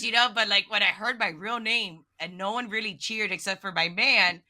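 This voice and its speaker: At medium pitch and a moderate pace with few pauses, a woman miniature painter chats as a podcast guest. She's excitable and emotional, leaning heavily on "like."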